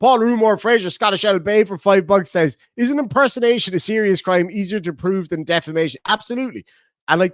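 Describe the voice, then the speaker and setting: An Irish man chats on a live stream and reads donation messages aloud, cursing freely and laughing between lines. His voice sits high and swoops up and down with lots of life. The sound is dry and close, with no room echo. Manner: swearing, bantering, laughing often. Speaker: livestreamer reading donations. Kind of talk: casual livestream chat.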